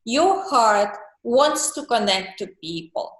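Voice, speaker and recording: Slow, earnest woman coach in an echoey room. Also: a little high, expressive. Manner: slow, earnest, acts out emotions in little voiced monologues. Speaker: group call coach. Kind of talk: coaching talk on a group call. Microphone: video call.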